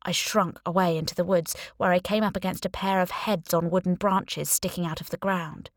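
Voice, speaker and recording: Young female audiobook narrator: low-set voice, dry studio sound, wry first-person delivery. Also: fairly even intonation, moderate pace, no room sound.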